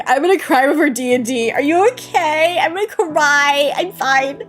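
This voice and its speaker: A young woman with a high voice chats with her live-stream viewers, rambling and teary, laughing nervously between words. She sounds tired and close to tears the whole time. Soft music plays faintly behind her. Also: moderate pace. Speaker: VTuber streamer. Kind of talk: casual live-stream chat. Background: faint background music.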